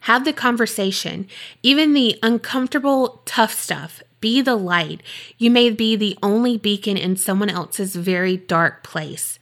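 A woman's voice: mid-range voice, measured pace, fairly bright tone. Young adult woman, podcast co-host; earnest letter reading, teasing banter. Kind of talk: reading a listener letter aloud.

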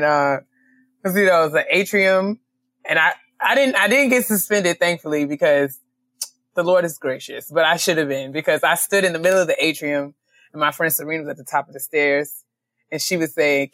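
A woman's voice: sits low, moderate pace, fairly bright tone, no room sound. A young woman co-hosting a casual chat podcast, joking and laughing often as she tells stories. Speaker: podcast co-host.

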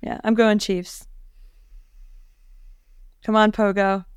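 A woman with a smooth, clear voice on a dry mic throws in quick comments and frequent laughs. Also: medium pitch, level tone, no room sound. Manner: interjecting, laughing often.

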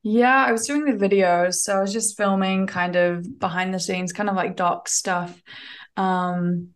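A woman's voice: medium pitch, fairly even intonation, a little slow. A young woman with a New Zealand accent, chatting casually as a podcast guest, laughing easily and using plenty of fillers. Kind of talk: casual chat.

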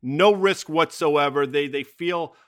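A man co-hosting a podcast about markets, speaking in a bright, forceful voice set a little high. He talks casually but emphatically and throws out strong opinions. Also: slow pace. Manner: emphatic, opinionated, name-dropping movie quips. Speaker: podcast co-host.

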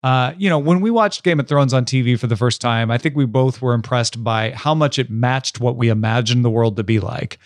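A man co-hosting a book podcast in a relaxed, jokey chat, laughing often. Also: medium pitch, brisk, hardly any pauses, dry recording, clean studio sound. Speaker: podcast co-host. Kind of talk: casual chat.

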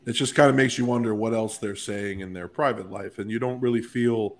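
A man's voice: on the low side, fairly even intonation, a little fast. A man on a casual sports podcast, teasing in places and earnest when he makes a point.

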